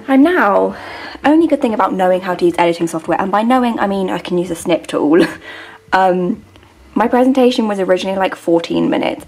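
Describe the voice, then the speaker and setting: A woman's voice: lowish voice, a little mellow, roomy sound, poor audio. A woman in her twenties talking to camera in a casual vlog. She rants in exasperation, often restarting sentences and trailing off. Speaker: vlogger.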